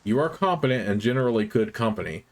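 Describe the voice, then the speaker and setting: An earnest young woman scout, guarded and practical, as a man reads her lines aloud from a fantasy game. Her lines come out clipped and matter-of-fact, in an ordinary middle-pitched voice. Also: animated, quick pace, lightly acted.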